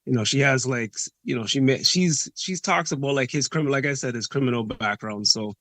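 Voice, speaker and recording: A man's voice: medium pitch, fairly quick, a bit bright, dry recording. Young male caller, Caribbean accent, hesitant and filler-heavy, dry close sound. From Canada. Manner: hesitant, many fillers like "like" and "you know". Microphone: video call.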